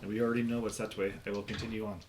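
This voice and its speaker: Deadpan low-voiced male player. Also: very fast, background noise. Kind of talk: tabletop game play.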